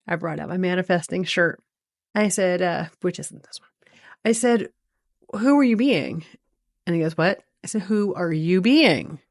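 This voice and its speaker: A woman's voice: lowish voice, dry recording, studio quality. A woman vlogging in a casual storytelling monologue, animatedly acting out both sides of a conversation she had.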